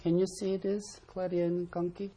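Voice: medium pitch, flat delivery, normal speed, dark tone, a little hiss or hum. A Bible study teacher leading an interactive class, calling on members to read verses aloud and stressing key words with emphatic repetition.

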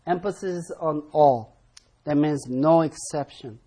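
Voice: medium pitch, measured pace, mellow, husky. A Bible study teacher leading an interactive class, calling on members to read verses aloud and stressing key words with emphatic repetition.

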